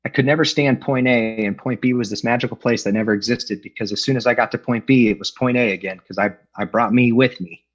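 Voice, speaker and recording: A man's voice: medium pitch, fast talker, hardly any pauses. A middle-aged man sharing his recovery story at an online meeting, candid and self-deprecating, with frequent fillers. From Los Angeles. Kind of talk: personal recovery talk. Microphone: video call. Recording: dull lo-fi online call audio.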